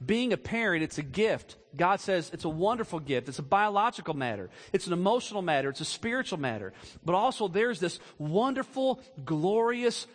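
A man preaching a sermon in a church, emphatic and calling for amens from the congregation. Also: high voice. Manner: emphatic, call-and-response preaching. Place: church sanctuary. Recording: long hall reverb.

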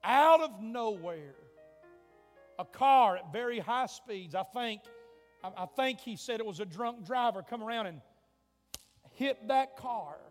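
A male preacher telling a story in a revival sermon, dramatic, swinging from hushed tones to shouts. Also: sits high, animated, a little slow. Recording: long hall reverb, faint music.

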